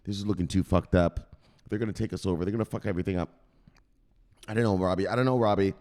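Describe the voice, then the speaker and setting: A man's voice: low voice, fairly even intonation, quick pace, darkish tone, lightly acted. A man doing a frantic panicking president. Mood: anxious. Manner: frantic, profane, whiny.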